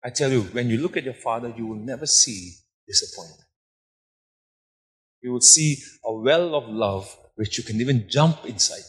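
A man preaching a sermon. He repeats words for emphasis and swings between hushed and loud delivery. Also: mid-range voice, normal speed. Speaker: pastor. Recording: long hall reverb.

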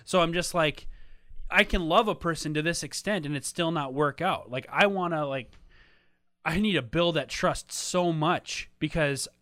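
A man's voice: fairly high pitch, moderate pace, pushed and bright, no echo. A man talking casually and candidly, swearing often, getting emotional and trailing off into fillers.

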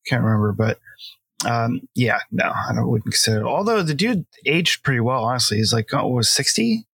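A man's voice: medium pitch, big pitch swings, brisk, vocal fry, a bit bright, husky, no room sound. A middle-aged man chatting casually about a film, rambling with lots of fillers and laughing often. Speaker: podcast co-host. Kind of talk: casual film review chat.

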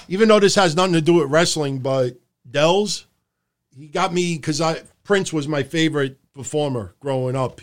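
A middle-aged man hosting a live stream, talking in a loose, rambling and profane way from a room at home. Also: a little high. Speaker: podcast host. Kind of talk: casual live-stream commentary. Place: home room under hot lights.

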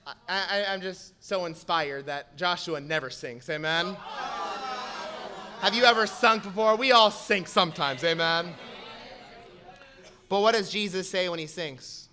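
A man preaching a sermon to a congregation, moving from quiet explanation to shouted exhortation. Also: sits high, unhurried, pauses often, crowd noise.

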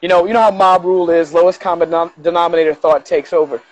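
A middle-aged man telling a story as a podcast guest, casual and animated, acting out other people's lines as he goes. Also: a little high, fast, slight background noise, poor audio. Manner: animated, acts out quoted dialogue with profanity.

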